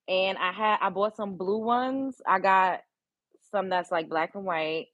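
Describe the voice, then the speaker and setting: A woman's voice: lowish voice, a little slow, gravelly, no room sound, highs cut off. A woman hosting a casual live stream, chatting bluntly with viewers and swearing freely. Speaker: livestream host. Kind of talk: casual live-stream chat reading comments.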